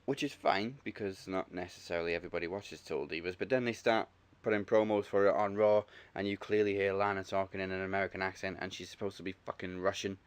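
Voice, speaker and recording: A man with a very low voice co-hosting a casual podcast. He is easygoing and drops dry one-liners while his partner rants. His delivery stays relaxed and steady. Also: fast talker, few pauses, smooth. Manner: easygoing, dry quips, laughs along. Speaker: podcast co-host. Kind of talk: casual chat.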